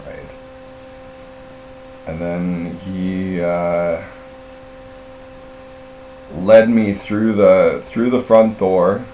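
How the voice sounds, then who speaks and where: Extremely slow, with long pauses, this middle-aged man's low-pitched voice is flat and dark. He's telling a story in a casual live stream, rambling and profane, heavy on fillers and self-mocking laughs. The recording comes from a roomy, distant mic with faint mains hum.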